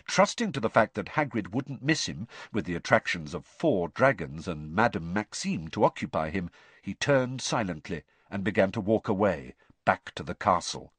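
A man reading an audiobook in a steady storytelling manner, stepping into character voices. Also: deep voice, moderate pace, breathy edge, no echo. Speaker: narrator. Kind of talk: audiobook narration.

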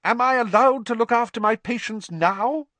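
A man's voice: very high-pitched, moderate pace, sharp tone, dry recording, voice pushed up. A man voicing a bossy school nurse woman in a bad mood, sounding indignant. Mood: cross.

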